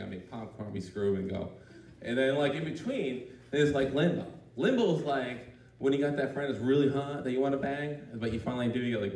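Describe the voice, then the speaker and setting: A man's voice: medium pitch, a little mellow. A man doing a crude, rambling stand-up comedy routine on a club stage, full of "like" fillers. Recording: roomy, distant mic in a club.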